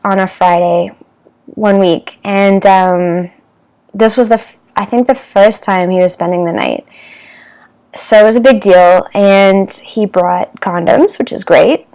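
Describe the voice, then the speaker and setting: A woman's voice: medium pitch, a little mellow. Candid woman in her thirties telling a story. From Canada. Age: 30s. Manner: candid, rambling, with frequent fillers and self-corrections. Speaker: vlogger. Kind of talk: casual personal storytelling.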